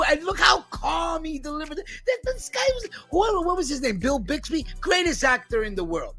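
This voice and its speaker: A man with a New York accent hosting a podcast, telling stories in casual chat with loud outbursts. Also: very high voice, normal speed, few pauses, faint music behind. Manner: animated storytelling, loud outbursts and laughs. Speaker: podcast host.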